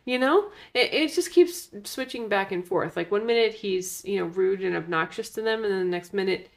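A woman's voice: medium pitch, animated, moderate pace, gravelly. A woman co-hosting a casual movie review chat, exasperated and full of "like". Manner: exasperated, lots of "like". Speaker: podcast co-host.

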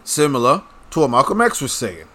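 Man, casual monologue, blunt, profane, opinionated, mid pitch. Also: big pitch swings, fairly quick, pushed and bright, slightly rough. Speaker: commentator.

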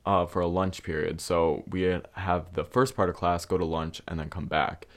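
Young male podcast host with a deep voice, relaxed and profane storyteller. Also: normal speed. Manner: candid and profane, with frequent fillers. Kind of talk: casual storytelling.

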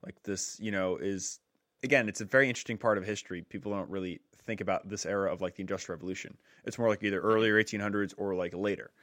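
Chatty low-voiced man on a podcast. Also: steady tone, fast talker, a bit bright, dry recording, studio quality. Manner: chatty, enthusiastic, loose with fillers. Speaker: podcast co-host. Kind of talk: casual podcast chat.

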